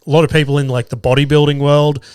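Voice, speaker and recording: A man's voice: on the high side, little pitch movement, fast, darkish tone, clear, resonant tone, no echo, clean studio sound. A young Australian man hosting a podcast, telling casual stories in a profane, self-mocking way and acting out the other people in them. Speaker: podcast host. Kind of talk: casual storytelling chat.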